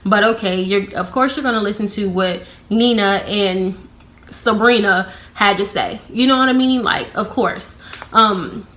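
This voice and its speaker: Bright-voiced, blunt young woman vlogger. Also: mid-range voice, a little slow. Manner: blunt, profane, heavy use of "like" fillers; sarcastic, animated when quoting herself. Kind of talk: casual storytime vlog.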